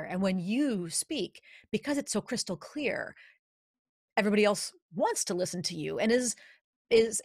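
A woman hosting an instructional podcast as a voice coach, speaking in an energetic, emphatic, demonstrative way into a studio podcast microphone in a home studio. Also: mid-range voice, dry recording.

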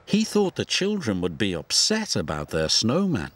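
A man giving scripted storybook narration for a cartoon, expressive and gently paced. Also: fairly low pitch, moderate pace. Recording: music score behind.

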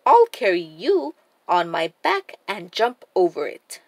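A woman's voice: mid-range voice, very animated, slow, dry recording, voice pushed down, heavily acted. A woman voicing a timid young pony who sounds hesitant and nervous in a storybook read-aloud. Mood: eager.

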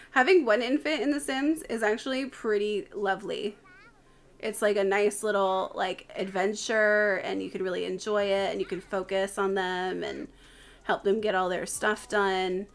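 A woman streamer gives live commentary as she plays a game, and she sounds worn out. She speaks slowly, with a gravelly fry in her voice, and keeps addressing her characters directly in a chatty way. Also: medium pitch, fairly even intonation. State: tired.

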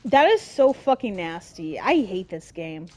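A woman's voice: medium pitch, big pitch swings, a little slow, a little mellow. A young adult woman commenting on a horror game as she plays, swearing often and reacting dramatically to every scare. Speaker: let's play gamer.

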